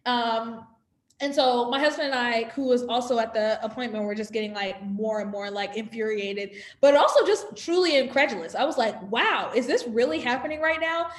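A woman's voice: on the high side, fairly even intonation, normal speed, roomy sound. A woman telling a personal story in a casual, chatty way, exasperated and full of fillers. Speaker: podcast guest.

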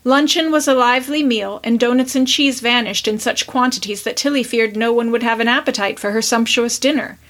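A woman podcast host reading a classic story aloud with measured, expressive narration. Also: fairly high pitch.

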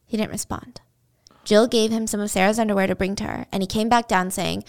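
A woman's voice: mid-range voice, fairly even intonation, brisk, creaky. A woman retelling a true-crime story in a casual, dramatic way, with chatty asides to the listener.

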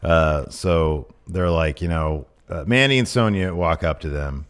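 Laid-back low-voiced man chatting. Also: unhurried, clear, resonant tone. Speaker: podcast co-host. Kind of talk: casual recap chat.

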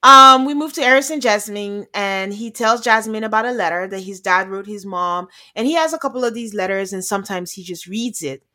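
A woman's voice: medium pitch, fairly quick, hardly any pauses. A woman co-hosting a podcast, recapping a reality show in casual chat, laughing often and quoting people. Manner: chatty, laughs often, quotes people in animated asides.

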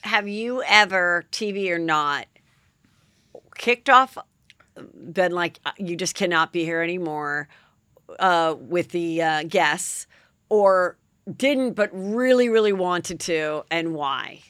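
A woman hosting a casual podcast, chatty and asking quick follow-up questions. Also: on the low side, a bit bright, dry recording, studio quality. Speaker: podcast host.

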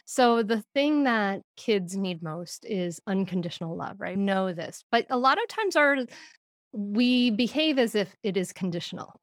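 A woman's voice: mid-range voice, lively intonation, unhurried, no room sound, clean studio sound. A woman as a podcast guest, explaining in an earnest way and laughing now and then. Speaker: guest, parenting expert. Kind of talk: podcast interview.

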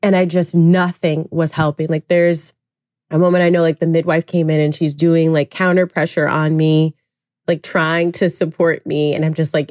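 A woman with a notably low voice recounts a personal experience as a podcast guest. She talks candidly and reflectively, leaning on "like" as she searches for words. The recording is dry and close. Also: fairly even intonation, moderate pace, a little mellow, no room sound. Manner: candid, reflective, heavy use of "like". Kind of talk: personal storytelling in a podcast interview.

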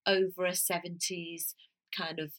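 A woman's voice: lowish voice, flat delivery, measured pace, fairly bright tone. A woman with a Scouse accent co-hosting a podcast in casual chat, playful and stubbornly teasing. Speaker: podcast co-host.

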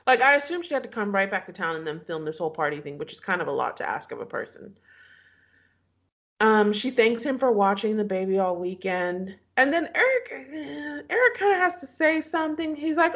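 A woman's voice: a little high, sing-song, a little fast, fairly bright tone. A woman co-hosting a podcast, recapping a reality show in casual chat and laughing often as she acts out quotes.

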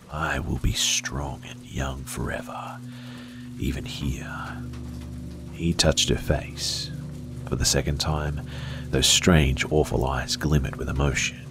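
Brief: man with an extremely low voice, scripted horror narration, hushed and slow, faint music underneath.

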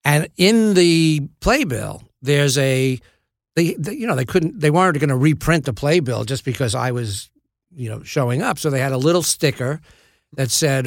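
Gravelly older man telling showbiz stories. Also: a little high, expressive, moderate pace, no echo, studio quality. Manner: self-deprecating, acts out quoted dialogue. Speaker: actor guest. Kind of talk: anecdotal storytelling in a podcast interview. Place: podcast studio.

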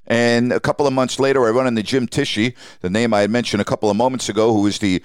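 A sportscaster in his sixties from Long Island, hosting his podcast and telling a lively story about his early career, acting out the people in it. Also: mid-range voice, quick pace, clean tone, no echo, studio quality. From Long Island, New York. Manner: animated storyteller who acts out quoted dialogue.

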